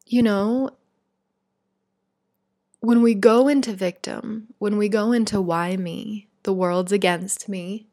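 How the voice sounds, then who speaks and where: A woman's voice: medium pitch, steady tone, slow pace, pauses often, darkish tone, no echo, studio quality. A woman talking earnestly and emotionally through a reflective spiritual monologue, chatty and heartfelt. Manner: earnest, emotional, conversational, many "like"s.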